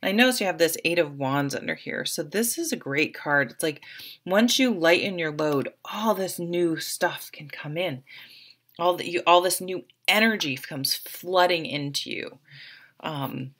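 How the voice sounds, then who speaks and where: A woman's voice: lowish voice, a little slow, fairly bright tone. A woman giving a chatty, encouraging tarot reading straight to her viewers, with many fillers along the way. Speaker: tarot reader. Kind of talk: casual tarot reading to camera.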